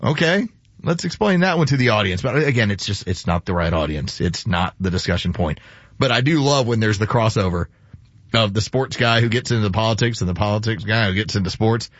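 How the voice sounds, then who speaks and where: A man's voice: lowish voice, expressive, brisk, no room sound, highs cut off. A man hosting a radio sports show, chatting with a co-host and reading the sports headlines. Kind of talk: casual radio chat and read sports headlines.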